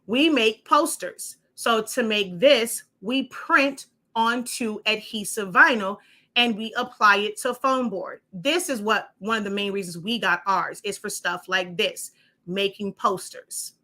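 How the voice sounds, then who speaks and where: Bright-voiced chatty woman demonstrating crafts. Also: mid-range voice, unhurried. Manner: chatty, rambling with restarts. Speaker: crafting show host. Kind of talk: casual demonstration walkthrough.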